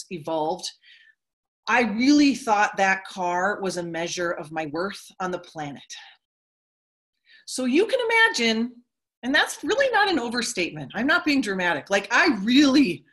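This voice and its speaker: A middle-aged woman speaks to a group in an animated, storytelling style. Her voice sits at a middle pitch but swoops widely as she acts out quotes. The delivery is expressive and coaching. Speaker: motivational speaker. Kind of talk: motivational talk to a group.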